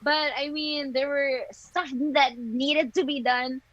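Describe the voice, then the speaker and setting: A woman's voice: high voice, steady tone, takes it slowly, fairly bright tone, muffled recording. A young woman from the Philippines, a singer chatting candidly as an interview guest and laughing often between thoughts. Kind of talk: casual interview chat.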